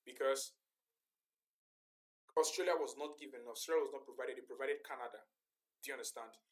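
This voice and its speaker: An IELTS tutor teaching a lesson, often pausing to ask rhetorical "what?" prompts and stretching out key terms slowly for emphasis. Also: medium pitch, fairly bright tone, rough recording.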